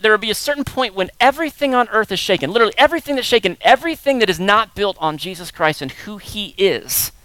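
Dynamic bright-voiced male pastor preaching. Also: no echo. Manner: swings from soft and low to loud and high-pitched emphasis. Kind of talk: sermon.

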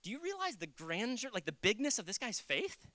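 A lively preacher with a bouncy, expressive pitch that climbs and falls constantly. The tone is bright and sharp, and the sound is close and dry, with no room echo. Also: brisk. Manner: animated, acts out quotes, jokes. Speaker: pastor. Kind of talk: conversational sermon.

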